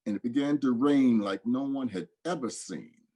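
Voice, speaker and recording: A man reading folk tales aloud in a dramatic, expressive storytelling manner. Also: medium pitch, normal speed.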